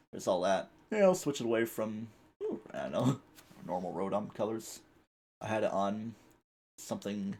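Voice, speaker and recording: A man commentating his own live game stream. His voice has a gravelly, rough edge and a slightly husky, breathy tone. He wanders from thought to thought, chuckling as he reads on-screen text aloud. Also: lowish voice, darkish tone. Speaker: gaming streamer.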